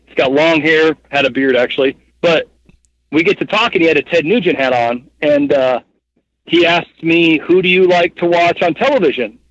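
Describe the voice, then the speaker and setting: A man's voice: fairly high pitch, moderate pace, dry recording. Chatty thirties man, dry muffled sound. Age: 30s. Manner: rambling, filler-heavy, animated retelling. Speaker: guest. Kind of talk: casual storytelling interview. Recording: dull, muffled podcast audio.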